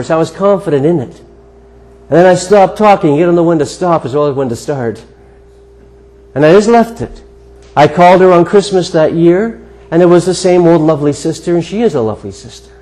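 A man preaching a sermon, telling a personal story in an earnest way with emphatic pauses. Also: fairly high pitch, mellow, low-quality recording. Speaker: guest preacher.

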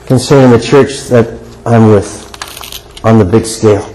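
A man's voice: on the low side, unhurried, mellow, poor audio. Older male preacher, earnest and conversational. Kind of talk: sermon. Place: church sanctuary before a congregation.

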